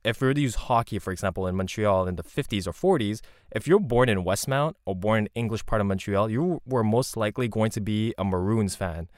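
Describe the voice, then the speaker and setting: A man's voice: lowish voice, fairly quick, few pauses, a little mellow, no echo, clean studio sound. A man from Canada giving a rambling, conversational monologue with frequent asides and restarts. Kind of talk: casual monologue.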